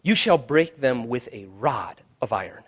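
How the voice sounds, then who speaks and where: A male pastor preaching a sermon, swinging from hushed, quiet lines to loud shouted ones. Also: medium pitch, lively intonation, unhurried, breathy edge.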